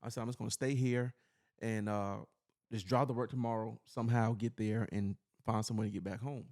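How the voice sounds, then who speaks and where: Gravelly man telling a personal story. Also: medium pitch, fairly even intonation, a little fast, a little mellow. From New York City. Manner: earnest, rambling, fills with "you know". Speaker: podcast host. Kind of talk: personal storytelling in casual chat.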